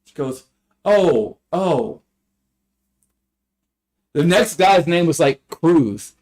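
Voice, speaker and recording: A young man on a casual livestream, rambling through a story and acting out the quotes in high voices. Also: animated, drawn-out words, a little mellow. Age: young adult.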